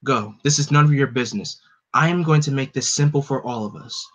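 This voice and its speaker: A man's voice: mid-range voice, brisk, close to an everyday voice. A man voicing a proud female alien princess who speaks in a formal, stilted, commanding way. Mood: grave. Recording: dull lo-fi recording.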